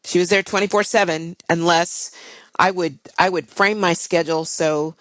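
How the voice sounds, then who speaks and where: A woman's voice: fairly low pitch, steady tone, normal speed, a bit bright, no echo, low-quality recording. An older woman, a guest and airline pilot, tells a personal story in a candid, reflective way with frequent fillers.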